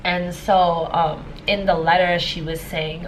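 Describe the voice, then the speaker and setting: A woman's voice: lowish voice, level tone, slow pace, slight background noise, rough recording. A woman in her thirties, a life coach, telling a personal story in a casual vlog, emotional and rambling with many fillers. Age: 30s. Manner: emotional, tearful at times.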